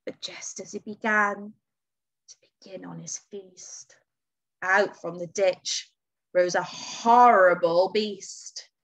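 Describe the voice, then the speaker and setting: A woman reading a children's storybook aloud for a school, dramatic and expressive, with whispers and gasps. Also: mid-range voice, slow.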